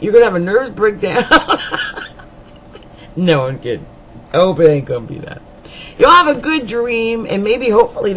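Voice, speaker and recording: Woman astrologer, chatty horoscope host, pitch rising and falling a lot, loose and colloquial, repeats herself for emphasis. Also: a little hiss or hum, poor audio. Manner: rambling, colloquial and chatty, with asides and jokes. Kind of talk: monthly horoscope reading to camera.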